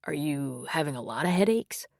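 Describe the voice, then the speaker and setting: A woman's voice: low voice, lively intonation, normal speed, vocal fry, darkish tone, no room sound, studio quality, full character voice. A woman voicing a seventeen-year-old boy who stammers and speaks frantically. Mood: tender.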